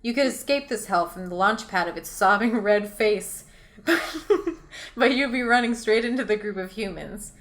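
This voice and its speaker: A woman's voice: medium pitch, normal speed, a bit bright. A woman reading her own choose-your-own-adventure story aloud as host, racing through it and often laughing at her own lines.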